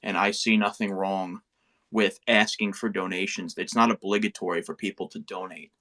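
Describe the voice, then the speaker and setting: A man in an online community discussion, speaking in measured, halting phrases. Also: low voice, steady tone, sharp tone.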